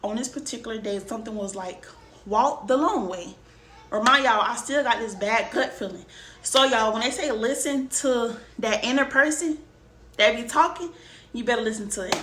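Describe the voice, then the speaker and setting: A woman's voice: fairly high pitch, moderate pace, fairly bright tone. Young woman telling a storytime, roomy sound. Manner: emphatic, speaks straight to viewers. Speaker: vlogger. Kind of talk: casual storytime. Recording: roomy room, faint background noise.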